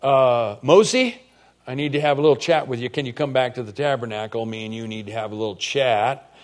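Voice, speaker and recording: A man voicing a calm, fatherly male deity who speaks in a folksy, chummy way and scolds gently. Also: mid-range voice, fairly quick, lightly acted.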